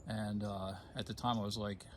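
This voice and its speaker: A man in his fifties telling a personal story in a relaxed conversation, pausing often with ums and restarts. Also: on the low side, a little hiss or hum. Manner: hesitant, many ums, gets choked up then laughs. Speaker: guest sharing a personal story.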